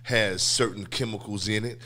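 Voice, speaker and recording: Bright-voiced animated man talking casually. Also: fairly low pitch, moderate pace. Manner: animated, streetwise, repeats "you know what I'm saying". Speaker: podcast co-host. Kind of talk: casual chat.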